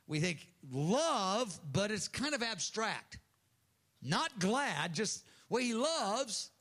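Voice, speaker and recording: A man's voice: high-pitched, fairly bright tone. An older man preaching an earnest sermon to a congregation, acting out voices in the prayers he quotes. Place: church hall with audience.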